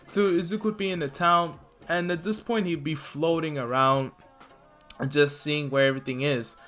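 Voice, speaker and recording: A man with a slightly high voice rambles through a made-up fan story, stacking up "you know" fillers as he goes. His delivery is casual and unscripted, with light music playing faintly behind him. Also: steady tone, normal speed, a bit bright.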